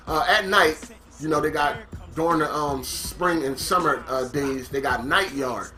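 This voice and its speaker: Animated man telling a profane story. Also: high voice. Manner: animated, profane street slang, acts out quoted lines loudly. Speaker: storyteller recounting prison life. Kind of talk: casual storytelling monologue.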